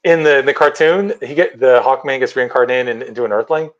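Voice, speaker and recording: A man's voice: mid-range voice, fast, muffled recording. Easygoing man in podcast chat. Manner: easygoing, hesitant, restarts sentences. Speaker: podcast co-host. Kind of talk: casual podcast banter.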